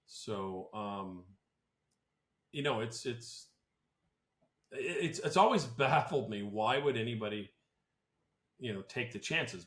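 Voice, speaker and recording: A man's voice: medium pitch, animated, slow pace, pauses often, fairly bright tone. A man who advises on tax planning talks on a podcast in a casual, blunt and opinionated way, often restarting his sentences. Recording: roomy echo.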